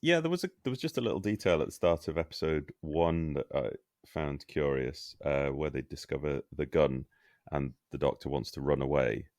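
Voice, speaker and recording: A man co-hosting a podcast, explaining a detail in a measured, curious way. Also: rumbling low, lively intonation, a little mellow, no echo, clean studio sound. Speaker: podcast co-host. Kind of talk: casual discussion.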